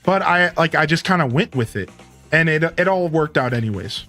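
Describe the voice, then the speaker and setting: A man livestreaming and chatting casually with his viewers, telling a rambling, animated story full of filler words. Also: a little high, brisk, faint music behind. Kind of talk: casual chat with stream viewers.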